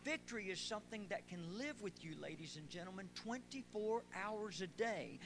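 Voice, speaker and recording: High-voiced preacher, noisy recording. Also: male voice, lively intonation, normal speed, few pauses. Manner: preaching that builds to shouting. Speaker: pastor. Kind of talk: sermon. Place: church sanctuary.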